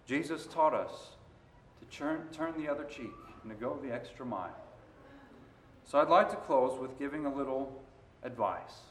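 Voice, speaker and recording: A man preaching a sermon, moving between quiet stretches and loud, emphatic passages. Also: mid-range voice, animated, normal speed, slight background noise. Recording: roomy echo.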